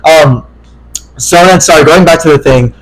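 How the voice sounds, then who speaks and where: A man's voice: fairly high pitch, normal speed, low-quality recording. A young man co-hosting a podcast, telling a story in casual chat and acting out the quotes with lots of swearing. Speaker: podcast co-host.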